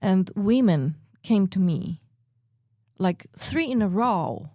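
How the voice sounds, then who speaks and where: Animated woman. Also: medium pitch, slow, no room sound, studio quality. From Poland. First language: Polish. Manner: animated, acts out her own reactions, many "like" fillers. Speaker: radio guest, performer. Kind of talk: personal storytelling in an interview.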